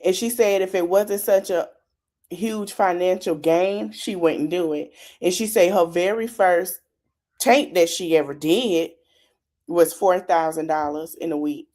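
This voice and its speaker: A woman's voice: fairly low pitch, fairly even intonation, a little slow, a little mellow. Chatty woman podcaster recapping a show. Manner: chatty, talks straight to her listeners. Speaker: podcast host. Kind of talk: casual reality-show recap.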